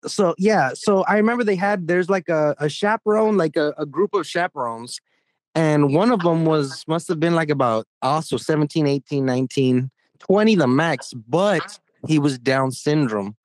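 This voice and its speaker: A man's voice: a little high, moderate pace, no echo. A young man co-hosting a casual podcast, telling stories in a profane, rambling way with jumpy emphasis. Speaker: podcast co-host. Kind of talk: casual crude podcast banter.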